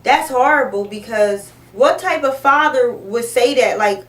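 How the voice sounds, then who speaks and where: A woman's voice: fairly high pitch, expressive, measured pace, fairly bright tone. A woman guest on a casual talk show panel, speaking in a blunt, indignant and profane way. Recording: echoey room, mic far off.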